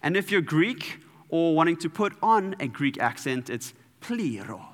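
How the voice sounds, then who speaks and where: Speaking at a moderate pace, this male preacher's sermon is playful and full of energy, complete with sound effects. His voice is bright and forceful with big pitch swings, and a large hall's lingering reverb follows each phrase.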